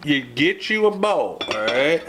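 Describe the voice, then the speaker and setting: A man's voice: a little high, sing-song, a little slow. Rambling man cooking at home. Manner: rambling, many fillers and restarts, folksy. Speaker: home cooking video host. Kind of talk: casual cooking vlog talk. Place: home kitchen. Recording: noisy home kitchen recording. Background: clattering dishes and cutlery.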